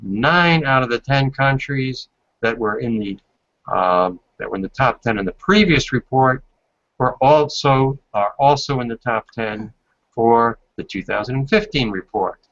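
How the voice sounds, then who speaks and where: A man's voice: mid-range voice, a little slow, fairly bright tone. A man hosting a casual video call, reading aloud from a report and adding asides. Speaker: host. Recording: dull lo-fi video call audio.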